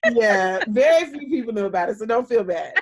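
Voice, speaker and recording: A woman's voice: on the high side, animated, fast, heavy background noise. A woman guest, a minister, telling a personal story in an interview in a candid, earnest way, acting out the lines of the people in it.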